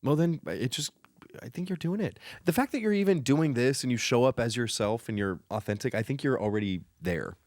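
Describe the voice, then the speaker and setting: A man's voice: medium pitch, lively intonation, brisk, a little mellow, dry recording. A man talking as a podcast guest, earnest and encouraging, swearing casually. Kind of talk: casual chat.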